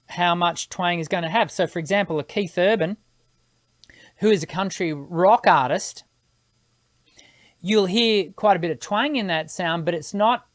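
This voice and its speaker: A woman hosts a live singing Q&A and answers viewers' questions as she thinks them through out loud. Her voice sits on the lower side for a woman. She is recorded close to the mic in a dry room with no echo. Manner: thinks aloud, explanatory, with technical vocal terms. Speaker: singing teacher hosting a live Q&A.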